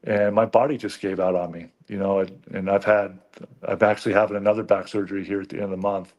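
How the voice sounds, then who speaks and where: Low-voiced, chatty former football lineman. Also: flat delivery, fast, darkish tone, muffled recording. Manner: storytelling, chatty with many fillers. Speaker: guest, former pro football lineman turned coach. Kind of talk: casual interview talk.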